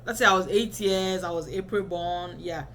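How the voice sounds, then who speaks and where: A woman's voice: on the low side, moderate pace, fairly bright tone. A woman in her twenties giving casual advice to camera as a vlogger, chatty and often checking in with the viewer. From Ghana.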